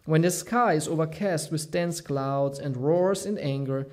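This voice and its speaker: Man, English, scripture reading and commentary, halting, slightly high pitch. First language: German. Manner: halting, thinks aloud, searches for words. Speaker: scripture class teacher.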